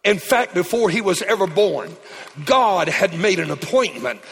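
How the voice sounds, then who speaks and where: Pastor preaching in a reverberant church: high, husky male voice, emphatic, rising to shouts. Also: expressive, a little slow. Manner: emphatic, swings from quiet to shouted peaks. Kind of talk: sermon preaching. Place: church sanctuary. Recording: long hall reverb.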